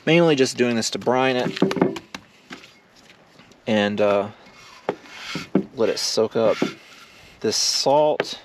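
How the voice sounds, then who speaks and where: A man vlogging casually while camping alone, talking slowly and loosely with lots of fillers. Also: medium pitch, very noisy. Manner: slow, rambling, laid-back talk with many fillers. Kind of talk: casual solo camping vlog. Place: outdoors at a windy campsite.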